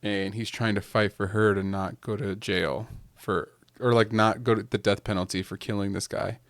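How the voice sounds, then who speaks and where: A man's voice: lowish voice, level tone, normal speed, dry recording. A young man in casual chat, rambling through a movie plot with lots of "like" and briefly acting out the characters' lines. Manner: rambling storyteller, leans heavily on "like". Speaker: podcast panelist.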